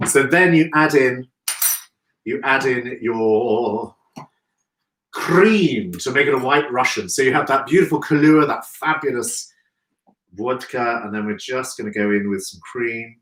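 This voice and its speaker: A man's voice: mid-range voice, expressive, measured pace, fairly bright tone, roomy sound, recorded from a distance, low-quality recording. A man hosting a live chat while making a cocktail, chatty and effusive. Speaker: host.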